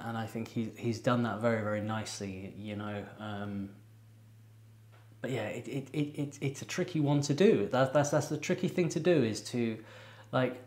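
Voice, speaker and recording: A man's voice: mid-range voice, darkish tone, reverberant. A man hosting a music reaction video, talking casually with frequent laughs, ums and restarts. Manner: chatty, laughs often, halting with ums and restarts.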